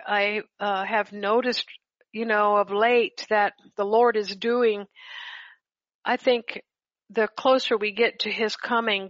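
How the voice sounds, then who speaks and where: A woman leading a group Bible study over a call, talking haltingly with many restarts. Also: fairly high pitch, fairly bright tone, no echo, dull audio.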